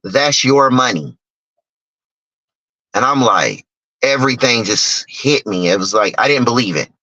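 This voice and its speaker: A man with a low, bright and forceful voice tells his story with lots of energy, jumping up in pitch whenever he plays the people in it. The sound is dry and close. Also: moderate pace, no echo, low-quality recording. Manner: animated storyteller who acts out other people's lines in sharply raised voices. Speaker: guest speaker on investing. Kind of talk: personal storytelling on a talk stage.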